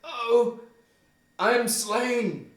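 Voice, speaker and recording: A panicked old courtier yelps out from hiding, as a man puts him on in a read-through. His voice jumps high and strained and comes out loud. The room around him is echoey. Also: extremely slow, exaggerated voice.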